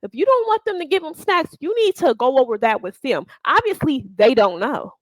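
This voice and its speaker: Brief: female reaction host, fast to scold and swear, animated and high-pitched. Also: no echo, low-quality recording. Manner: blunt, profane, scolding. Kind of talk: casual reaction commentary.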